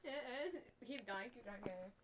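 A woman chatting casually from away from the microphone, teasing and bossy with quick retorts. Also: mid-range voice, a bit bright. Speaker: friend co-playing off camera. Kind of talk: casual chat.

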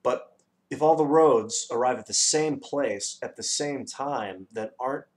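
A man's voice: medium pitch, a little slow, lightly acted. A man voicing a curious, unsure young boy in a storybook reading, hesitant and stammering.

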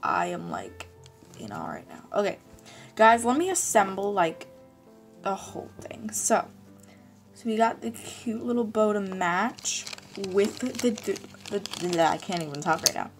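A young woman hosting a casual unboxing vlog, gushing and excitable, gasping and saying "like" a lot. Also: medium pitch, a little slow, soft background music. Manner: gushing and excitable, with gasps and many "like"s. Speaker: channel host.

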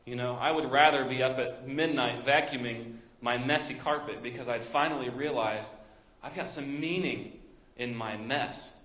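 Young pastor in an echoey church. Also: male voice, mid-range voice, moderate pace, a bit bright. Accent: Midwestern American. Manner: storytelling with many fillers and restarts. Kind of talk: sermon. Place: church sanctuary.

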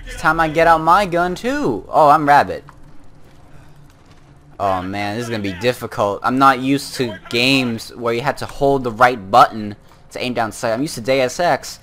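A man talks casually over his gameplay in a chatty, rambling way. His pitch jumps around a lot as he reacts. A faint hiss sits under the recording. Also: expressive, moderate pace, fairly bright tone. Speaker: let's play gamer. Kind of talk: casual let's play commentary.

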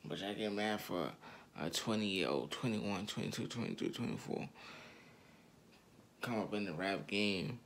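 Gravelly low-voiced man ranting. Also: a little slow, pauses often, fairly bright tone, slight background noise. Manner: heated, repetitive, slangy street talk addressed to "y'all". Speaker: online commentator. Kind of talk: ranting commentary to viewers.

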